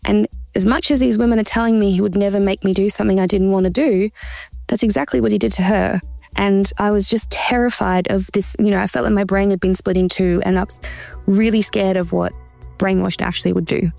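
A woman giving earnest, measured interview answers about a hard personal experience. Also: medium pitch, fairly even intonation, vocal fry, a little mellow, no room sound, soft background music. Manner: earnest, measured, acts out quoted voices. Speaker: interview guest, survivor telling her story.

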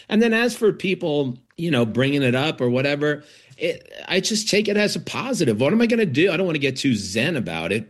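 A man being interviewed as a guest actor, talking casually with frequent fillers, restarts and laughs. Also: mid-range voice.

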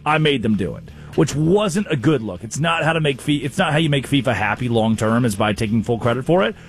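A man hosting a casual comedic chat show, telling stories with lively voiced quotes. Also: mid-range voice, quick pace, faint music behind. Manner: animated storytelling, voices quotes. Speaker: show host.

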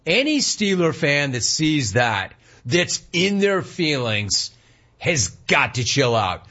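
A man hosting a sports talk radio show, teasing listeners with amused, rapid-fire rhetorical questions. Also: fairly high pitch, big pitch swings, sharp tone, lo-fi sound.

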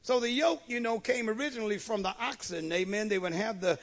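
High-voiced preacher full of amens. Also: male voice, fairly quick. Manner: emphatic, with frequent amens and storytelling asides. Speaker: bishop and preacher. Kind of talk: sermon.

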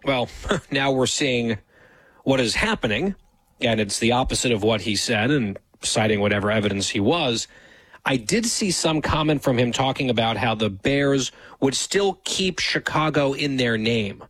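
A man's voice: medium pitch, animated, moderate pace, a bit bright, slightly rough, no echo. A man hosting a political talk show, commenting in a dry, sarcastic way. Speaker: host.

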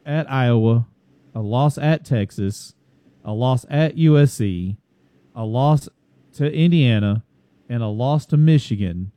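A man's voice: mid-range voice, dark tone, dry recording. A man co-hosting a casual sports debate, emphatic and repeating his points. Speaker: sports talk co-host.

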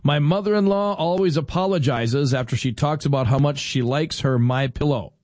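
A man's voice: fairly high pitch, normal speed, darkish tone, no room sound. A man hosting a talk radio show, chatting casually and rambling as he reads listener texts aloud.

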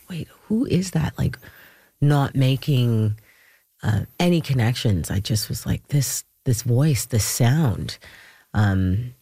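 A man who is a singer and stage performer, talking in an interview, halting and searching for words. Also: medium pitch, gravelly, warm tone, no echo. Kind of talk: casual interview.

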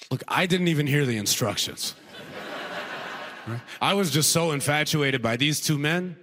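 A man's voice: a little high, wildly swooping pitch, slow, long pauses, bright, forceful tone. A man performing a stand-up comedy routine, telling a story with frequent "right?" check-ins.

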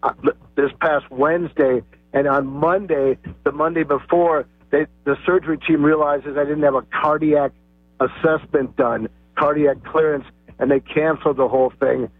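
Caller guy rambling, slightly high husky voice, phone-line sound. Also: steady tone, normal speed, no room sound. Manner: rambling storyteller. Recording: tinny phone line, dry.

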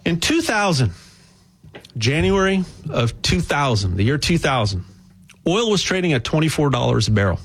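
A man giving a rambling, jokey sales pitch for buying gold, full of restarts and repeated words. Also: normal speed, husky. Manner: animated, repetitive restarts, jokey asides. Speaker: gold dealer spokesman.

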